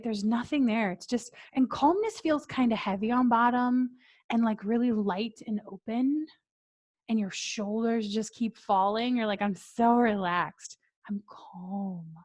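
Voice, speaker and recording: A woman business coach leading a training, deliberately talking slowly and calmly, with breathy sighs and soft whispered moments. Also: on the high side.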